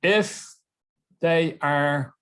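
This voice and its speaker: Slow, playful male English teacher. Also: on the high side, a bit bright. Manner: playful, jokey, repeats words for drilling. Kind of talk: online English lesson. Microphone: webcam.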